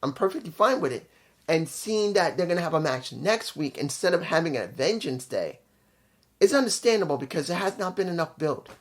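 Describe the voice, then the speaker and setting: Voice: medium pitch, very animated, fairly quick. A host giving a loose, casual video review, blunt and opinionated, often stumbling over names and correcting themself.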